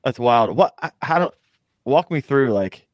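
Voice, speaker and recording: A man hosting a podcast, chatting casually with his guests and reacting quickly to what they say. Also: medium pitch, lively intonation, no echo, studio quality. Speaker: podcast host. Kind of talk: casual chat.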